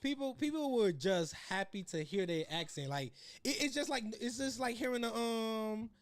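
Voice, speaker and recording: A man's voice: high-pitched, normal speed, dry recording. A man with a Chicago West Side accent, co-hosting a casual podcast chat, rambling with many restarts and laughing through his stories. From Chicago, USA. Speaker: podcast co-host.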